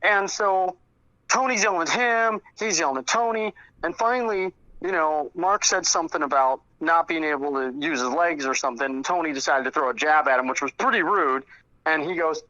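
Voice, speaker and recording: A man, a close friend of the subject, telling anecdotes in a lively conversational way and acting out quoted lines. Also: a little high, fairly quick, no room sound. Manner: animated, acts out quoted dialogue in raised voices. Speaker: guest, close friend recalling the deceased. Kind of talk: conversational storytelling. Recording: muffled lo-fi audio.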